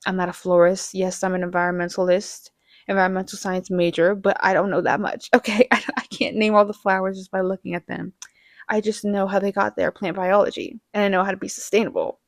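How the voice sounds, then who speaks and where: A woman's voice: medium pitch, level tone, brisk, dry recording, clean studio sound. A young woman from the Midwest gives a chatty, gushing movie review and laughs now and then. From American Midwest. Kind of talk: casual movie review chat.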